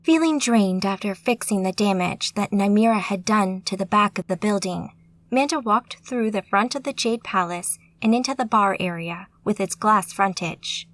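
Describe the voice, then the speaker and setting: A woman narrating a fantasy audiobook in a steady, measured storytelling manner. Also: mid-range voice, dry recording.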